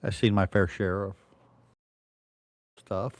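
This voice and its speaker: A man's voice: low voice, little pitch movement, takes it slowly, no room sound. A man playing a tabletop game in character, who talks in a hesitant, stammering way. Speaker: player.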